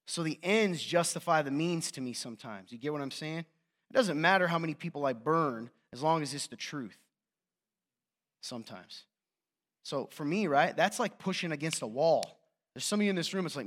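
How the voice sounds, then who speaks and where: A man preaching a sermon to a room as a youth pastor, passionate and animated, with joking, self-mocking asides. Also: on the high side, brisk. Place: church hall with an audience.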